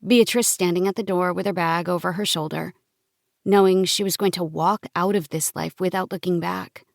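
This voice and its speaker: A woman reading a first-person novel as an audiobook narrator, in a calm, measured storytelling manner. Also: lowish voice, vocal fry, dry recording, studio quality.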